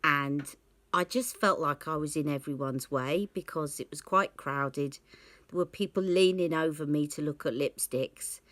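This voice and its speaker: A woman's voice: low voice, measured pace, fairly bright tone, no echo. A woman vlogging about beauty, candidly recounting a personal story and acting out the conversations she remembers. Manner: candid, reflective, acts out remembered dialogue.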